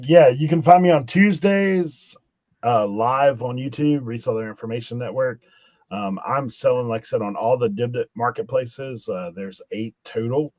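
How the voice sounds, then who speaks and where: A man's voice: mid-range voice, darkish tone, no room sound. Earnest man on dull, lo-fi audio. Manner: earnest, filler-heavy advice. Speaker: podcast guest. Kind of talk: casual live podcast chat.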